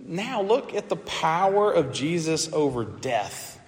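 A man's voice: a little high, sing-song, slow pace, big-room sound. A man preaching a sermon as pastor, earnest, with frequent restarts and emphatic peaks.

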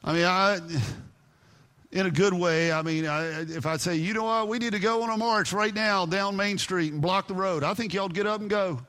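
A man preaching a sermon as pastor, emphatic, with sudden loud peaks and quieter, earnest stretches. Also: high voice, steady tone, moderate pace. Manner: emphatic preaching, rising to near shouts then dropping to quiet earnest talk.

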